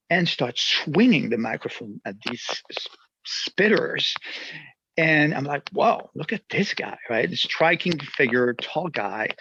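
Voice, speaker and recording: A musician with a French accent, telling stories in a casual interview, animated and laughing often. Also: male voice, medium pitch, husky, no room sound, dull audio. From near Geneva. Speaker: musician guest.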